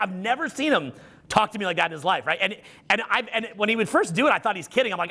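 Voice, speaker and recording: Middle-aged male coach addressing a live audience, high bright voice, swears a lot and acts out the quotes. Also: fast talker, breathy edge. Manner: animated, profane storytelling with acted-out quotes. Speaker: social skills coach. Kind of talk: live seminar talk.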